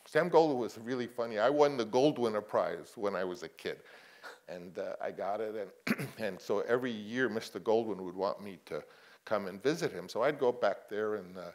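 An older man, a guest on a panel, telling stories in a rambling, halting way. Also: on the low side. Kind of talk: anecdotal panel conversation.

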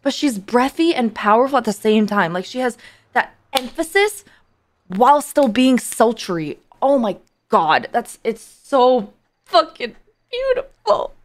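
A woman streamer reacting casually to a song, effusive and excitable and swearing freely. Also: a little high, unhurried.

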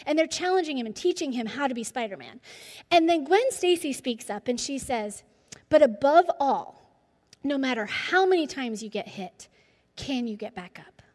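A middle-aged woman giving a devotional talk, telling stories with lively energy and dropping to near-whispers for emphasis. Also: high voice, moderate pace. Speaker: speaker. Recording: long hall reverb.

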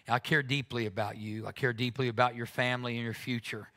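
A man's voice: medium pitch, fairly even intonation, fast, fairly bright tone. A man preaching a sermon as pastor, earnest, often repeating words when he is moved. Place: church sanctuary.

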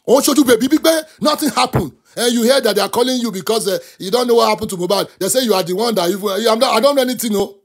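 A man with a Nigerian accent hosts a talk show and gives animated commentary. He is impassioned, mixes English and Yoruba, and keeps breaking into shouts. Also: very high-pitched, rapid-fire, hardly any pauses. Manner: impassioned, switches between English and Yoruba, often bursts into shouts.

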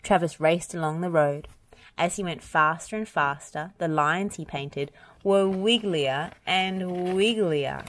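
Woman reading a kids picture book out loud, kinda low voice, expressive. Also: slow pace. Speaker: storybook reader. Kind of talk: children's read-aloud narration.

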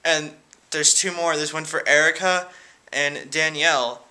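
Teen male, bright slightly high voice, rambling giggly delivery, casual home vlog. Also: steady tone, a little slow. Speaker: vlogger. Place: room at home.

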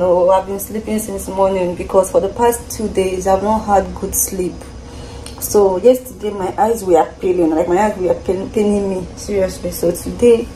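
A woman's voice: mid-range voice, dark tone, a little hiss or hum, rough recording. A woman in her thirties with a Nigerian accent, chatting casually to her viewers in a home vlog. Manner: chatty, addresses viewers directly. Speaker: vlogger and stay-at-home mother.

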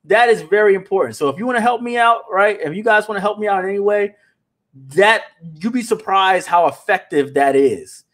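High-voiced man chatting to viewers. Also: a little fast. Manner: animated, talks straight to viewers, repeats words. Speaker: animation company founder hosting a livestream. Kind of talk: casual livestream chat.

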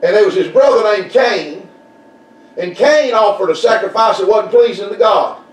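A preacher with a high, ringing voice works the congregation in a folksy, repetitive call-and-response style. He is caught from a distance, and the church room echoes around every phrase. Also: moderate pace. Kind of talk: Southern Baptist sermon. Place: church sanctuary.

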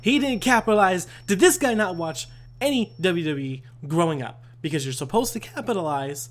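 A young man doing let's-play commentary, excitable and swearing, yelping and laughing at himself as he plays. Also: sits high, moderate pace, slight background noise. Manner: excitable, swearing, yelps and self-mocking laughs. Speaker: gaming YouTuber.

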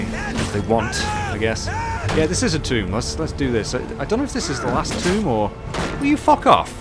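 Male streamer, animated and sweary, chatting with viewers over game music. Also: lowish voice. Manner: excitable, swears often, chats with viewers while playing. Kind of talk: casual live-stream commentary.

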